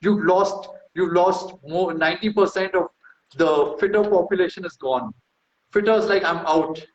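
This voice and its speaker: A man's voice: high-pitched, normal speed. Brash, profane man in an echoey room. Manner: brash, profane and mocking, boastful asides. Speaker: host. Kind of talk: casual talk reading through a research paper. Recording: echoey room, slightly dull sound.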